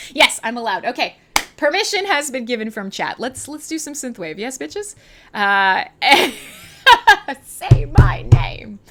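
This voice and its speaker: Over music, a tired and high Canadian woman hosts a casual livestream, rambling, giggling, swearing freely and poking fun at herself. Her high voice swings widely in pitch, and she speaks slowly with frequent pauses.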